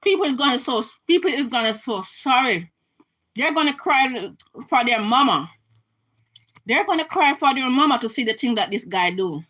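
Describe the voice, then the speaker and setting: A woman's voice: sits high, lively intonation, moderate pace, sharp tone, rough recording. A Jamaican woman giving an impassioned political rant to her camera, emphatic and repetitive, often restarting her sentences. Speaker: vlogger.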